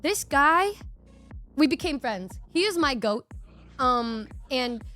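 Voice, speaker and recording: High-voiced young woman telling a story. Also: unhurried, faint music behind. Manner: animated, swears freely, acts out reactions in the story. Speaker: streamer. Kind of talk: casual storytelling to a live stream audience.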